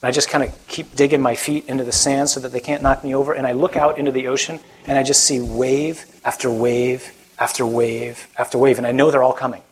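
A man's voice: mid-range voice, flat delivery, brisk, few pauses, slightly rough, poor audio. A man, a Catholic priest, giving a conversational sermon, joking with the audience and putting questions to them.

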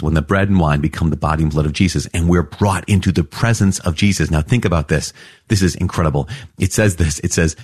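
A man's voice: deep voice, a little mellow, no echo, clean studio sound. A man giving an enthusiastic Catholic reflection on scripture, exclaiming with wonder as he explains.

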